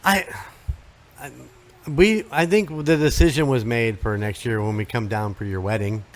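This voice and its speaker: A man chatting easily in a podcast conversation, agreeable and relaxed. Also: medium pitch, normal speed. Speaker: guest. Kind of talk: casual chat.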